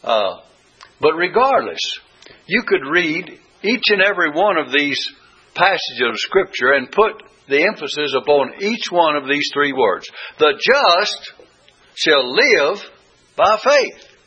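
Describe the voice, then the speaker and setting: Bible study teacher guy, repeats verses slow and stressed, kinda husky, muffled old recording. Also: a little high, sing-song, bright, forceful tone. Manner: deliberate, repeats verses with rising emphasis. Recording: dull lo-fi recording.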